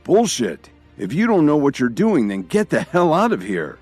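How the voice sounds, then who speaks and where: A man playing a wealthy, hot-tempered tycoon in an audio story, deep voice that lunges from low grumbles to high, commanding barks. he orders people around and loses his temper fast, with soft music underneath. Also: sing-song, heavily acted. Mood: angry. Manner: commanding, quick to shout.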